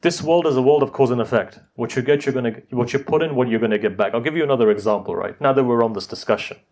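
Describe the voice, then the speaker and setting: A man's voice: mid-range voice, quick pace, darkish tone. Man preaching. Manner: storytelling, rising to emphatic exhortation. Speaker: Muslim preacher. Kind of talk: sermon.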